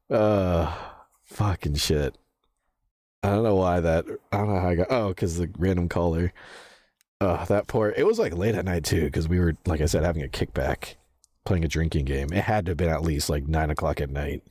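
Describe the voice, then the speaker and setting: A man's voice: deep voice, normal speed, darkish tone, breathy edge, no room sound, studio quality. A young man streaming a game, telling stories casually, swearing a lot and laughing often. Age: young adult. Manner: profane, laughing storyteller. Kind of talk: casual gaming stream chat.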